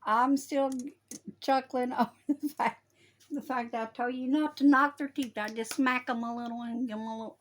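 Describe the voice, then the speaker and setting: A woman delivers a homespun warning in a religious video. Her voice sits a little high, and she scolds in a folksy way, breaking into laughter often. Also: a bit bright, a little hiss or hum. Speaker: online preacher. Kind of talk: casual religious video talk.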